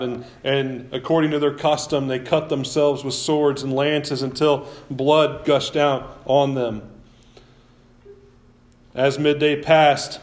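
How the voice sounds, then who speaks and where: A man preaching a sermon, retelling a Bible story with casual asides and acted-out quotes. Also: mid-range voice. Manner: lively storytelling, acting out biblical quotes.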